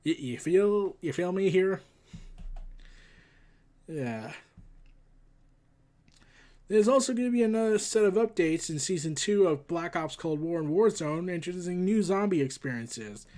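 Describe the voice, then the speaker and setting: A man's voice: high-pitched, animated, unhurried, long pauses, a little mellow. A man hosting a casual news commentary, rambling with sarcastic asides. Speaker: host.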